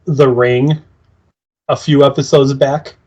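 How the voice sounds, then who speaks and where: A man's voice: medium pitch, little pitch movement, slow pace, darkish tone, breathy edge. A man co-hosting a podcast, chiming in with jokes during a casual episode recap. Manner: jokey, chimes in with agreement and laughs. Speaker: podcast co-host.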